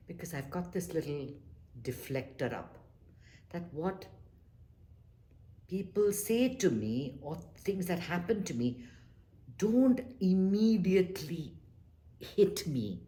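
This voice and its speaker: A woman leading a meditation class, talking earnestly and coaxingly about staying calm, sometimes acting out short quoted exchanges. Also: lowish voice, slow pace, pauses often. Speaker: meditation teacher.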